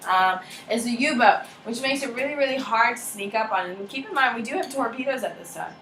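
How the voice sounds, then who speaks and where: A woman's voice: fairly high pitch, animated, brisk, noisy background. A woman teaching a history class in a casual, joking way, quizzing students by name and acting out countries in funny voices. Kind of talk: classroom lecture. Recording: echoey classroom from far off with faint ambience.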